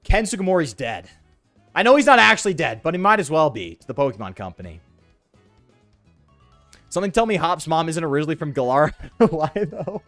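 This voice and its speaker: Sarcastic, lively young male streamer. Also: fairly high pitch, brisk, pauses often, no echo, faint music behind. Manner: rambling, sarcastic, slangy. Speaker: gaming streamer. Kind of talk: casual let's-play commentary with chat.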